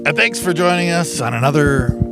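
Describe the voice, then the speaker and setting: A male podcast co-host chatting casually outdoors on a mountaintop, loose and hesitant as he brainstorms out loud. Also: fairly high pitch, fairly quick, over loud music. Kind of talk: casual chat.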